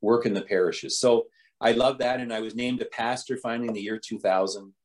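A man's voice: mid-range voice, fairly even intonation, fairly quick. A man, a bishop telling stories from his life in an interview, rambling with frequent restarts. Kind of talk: storytelling in an interview.

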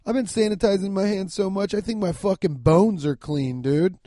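A young man rambling on his podcast in a dark, mellow voice that sits a little high for a man. He swears freely, laughs at his own jokes and swings between shouting and drowsy mumbling, sounding tired as he talks lying down. The recording is dry and close. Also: moderate pace, no room sound. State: yawning, lying down. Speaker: podcast host. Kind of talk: casual solo podcast rambling.

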